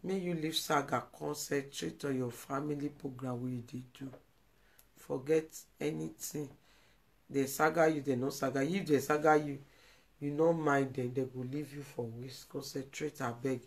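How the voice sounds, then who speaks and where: A woman's voice: rumbling low, fairly even intonation, normal speed. A Nigerian woman hosting a live video, speaking in an emotional, pleading way and repeating herself. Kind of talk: emotional live-stream commentary.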